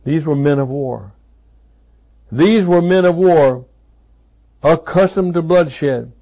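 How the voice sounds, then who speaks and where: A man's voice: a little high, slow pace, warm tone. A man preaching a sermon, with dramatic delivery and heavy repetition for emphasis.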